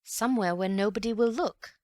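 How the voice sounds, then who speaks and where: A woman voicing an eager, excitable young man who bursts out with quick exclamations. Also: mid-range voice, no echo, studio quality, voice pushed up, natural voice. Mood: excited.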